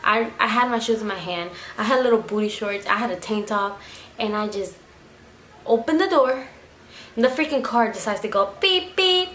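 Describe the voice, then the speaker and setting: A woman's voice: a little high, moderate pace. Young woman telling a story, echoey room. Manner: swears freely, animated retelling with acted quotes. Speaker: vlogger. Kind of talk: casual storytime. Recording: echoey room, faint background noise.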